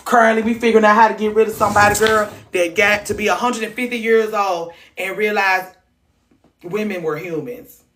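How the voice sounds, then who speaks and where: A woman's voice: medium pitch, fairly quick, distant mic. Sassy woman ranting, set back from the mic. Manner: sassy, animated ranting with mock-sweet asides. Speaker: host. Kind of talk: comedic monologue.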